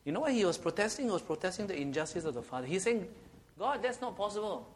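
A man's voice: high-pitched, very animated, racing, slight background noise. A man preaching a sermon, often asking rhetorical questions and checking in with "okay?".

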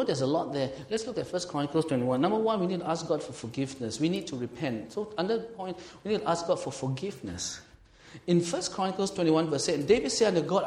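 Lively Singaporean pastor preaching. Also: male voice, a little high, reverberant. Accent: Singaporean English. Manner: lively, swings from loud to quiet, laughs often, acts out quotes. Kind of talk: sermon.

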